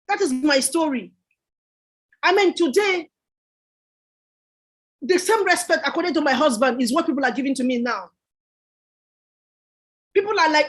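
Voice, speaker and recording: A woman's voice: high-pitched, lively intonation, moderate pace, long pauses. A woman, speaking as a guest entrepreneur in a motivational talk, emphatic and repeating her key points like a preacher.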